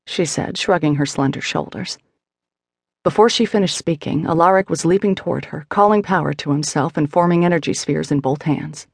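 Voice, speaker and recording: A woman reading scripted narration for a fantasy romance audiobook, measured and expressive. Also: deep voice, vocal fry, slightly rough, no room sound, studio quality.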